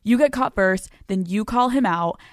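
A young woman hosts a podcast, dishing out relationship advice in a frank, foul-mouthed, animated chat. Her voice sits at an ordinary middle pitch. The sound is dry and close, with no room echo. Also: moderate pace. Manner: blunt, profane and animated. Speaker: podcast host.

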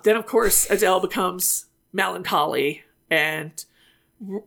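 A woman co-hosting a podcast, talking in a chatty, animated way and laughing often. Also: fairly low pitch, creaky. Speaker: podcast co-host. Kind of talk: casual chat.

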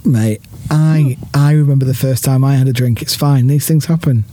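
A man's voice: medium pitch, normal speed, mellow. A man chatting and teasing his friend outside a football ground, laughing a lot. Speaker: podcast co-host. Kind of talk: casual chat with a friend. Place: outdoors near a football ground, by a car.

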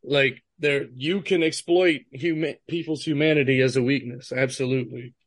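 A man's voice: medium pitch, steady tone, moderate pace, dry recording. A blunt man in casual podcast chat about a movie, often adding "you know what I mean".

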